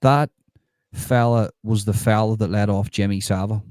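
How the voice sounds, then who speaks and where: A man's voice: lowish voice, steady tone, moderate pace, a little mellow, dry recording, clean studio sound. A middle-aged man, rambling and swearing as he hosts a live stream and retells conversations.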